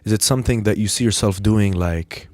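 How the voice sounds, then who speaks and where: Un hombre que presenta un pódcast de entrevistas, en tono casual y conversador, riendo a menudo. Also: male voice, fairly low pitch, darkish tone, no room sound. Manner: casual, chatty, quick to laugh. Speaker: podcast host. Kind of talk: casual podcast interview.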